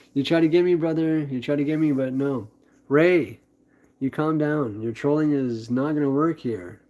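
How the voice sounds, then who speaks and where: A man's voice: fairly high pitch, mellow. A man chatting on a live stream in a rambling, upbeat way, full of fillers and restarts. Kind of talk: casual live-stream chat.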